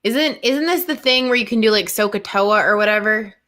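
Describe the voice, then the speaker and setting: A woman's voice: mid-range voice, a little fast, fairly bright tone. A woman co-presenting a webinar in casual chat, thinking aloud and using "like" a lot.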